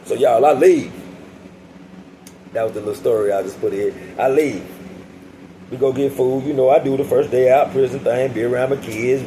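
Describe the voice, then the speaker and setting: A man's voice: mid-range voice, fairly quick, mellow, slight background noise, rough recording. A young adult man telling a casual storytime vlog, slangy and profane, often addressing his listeners directly. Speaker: vlogger telling a prison story.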